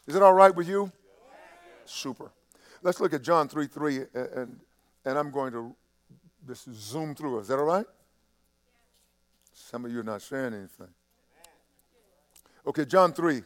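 A man preaching a sermon, halting and repeating himself in quieter stretches, building to loud, impassioned preaching. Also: on the high side. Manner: halting, with many restarts and fillers.

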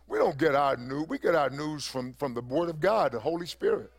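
Man, pastor, sermon, high-pitched, gravelly, emphatic, repetitive cadence. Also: lively intonation, fairly quick. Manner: preacherly, emphatic, repeats phrases for effect.

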